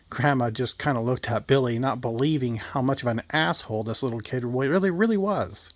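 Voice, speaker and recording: A man's voice: mid-range voice, brisk, few pauses, no room sound, dull audio. A man narrating a crude, darkly comic story in a casual, offhand way.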